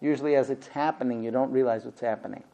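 A man's voice: medium pitch, steady tone, fast, creaky, warm tone. A man lecturing a class about marriage, animatedly acting out both sides of conversations.

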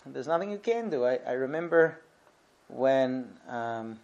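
A middle-aged man teaching a relaxed lesson on Jewish prayer law, talking it through step by step with frequent restarts. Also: medium pitch, unhurried, lo-fi sound. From Israel. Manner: conversational, restarts often, explains step by step. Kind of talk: informal Torah lesson.

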